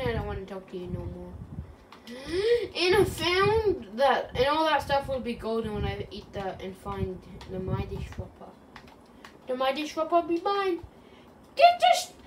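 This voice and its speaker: A woman rambling through silly, self-joking commentary while playing a video game. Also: fairly high pitch. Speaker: gaming channel host. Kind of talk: casual gameplay commentary. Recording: distant mic with clear background noise.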